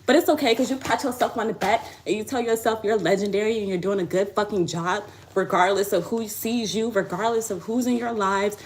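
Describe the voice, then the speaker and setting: A woman tarot reader talking on a live stream, blunt, profane and preachy. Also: mid-range voice. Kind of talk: live tarot reading chat.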